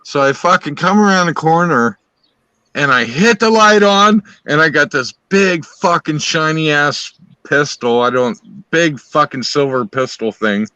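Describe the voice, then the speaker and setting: A man spins a long story in a bright, forceful voice, swearing in nearly every sentence and piling one aside on top of another. The sound is dry and close, with almost no room around it. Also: on the high side, a little slow, dry recording, poor audio. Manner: rambling, swears constantly, animated retelling. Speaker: storyteller on a live stream. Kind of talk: casual profane storytelling.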